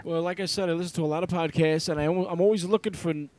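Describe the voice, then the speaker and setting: A man with a New York accent hosting a podcast, relaxed and appreciative, sometimes stumbling over his words. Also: on the high side, no echo. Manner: relaxed, appreciative, slightly halting. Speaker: podcast host. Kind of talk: casual chat.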